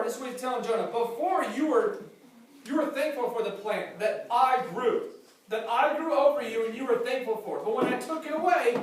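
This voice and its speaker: High-voiced preacher in an echoey hall. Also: male voice. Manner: animated, acts out quotes with humor. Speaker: pastor. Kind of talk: sermon. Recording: distant mic, very echoey hall, faint noise.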